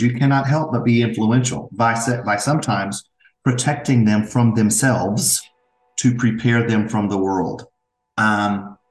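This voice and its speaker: Earnest middle-aged man, roomy sound. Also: lowish voice. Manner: earnest, storytelling, with restarts. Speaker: podcast guest, father. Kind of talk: reflective interview talk. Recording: roomy echo.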